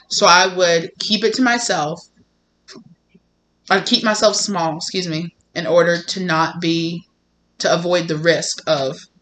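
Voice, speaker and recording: A woman's voice: low voice, fairly bright tone. A woman doing a casual tarot reading, chatty and full of fillers, often acting out quoted voices. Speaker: tarot reader.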